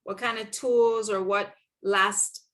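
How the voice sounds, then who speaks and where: A woman hosting an interview, asking gentle, measured questions. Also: mid-range voice, steady tone. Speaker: host.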